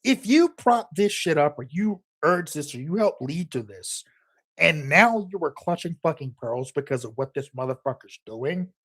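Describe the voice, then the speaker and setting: A man's voice: on the high side, lively intonation, moderate pace, a bit bright. A man delivering a heated, profane political rant as a commentator, emphatic and angry throughout.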